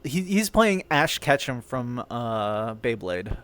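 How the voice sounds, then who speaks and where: A man chatting casually to his stream between roleplay scenes. He is animated and profane and takes his time with his words. His voice sits in an ordinary middle pitch. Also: slow, hardly any pauses. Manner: animated, swears freely.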